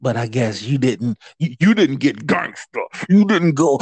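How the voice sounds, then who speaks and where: A man co-hosting a podcast, blunt and teasing, with a lively voice that swings up and down a lot. He sounds close and dry, with no room around him. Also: mid-range voice, measured pace, few pauses, breathy edge, no echo. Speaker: podcast co-host. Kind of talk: casual chat.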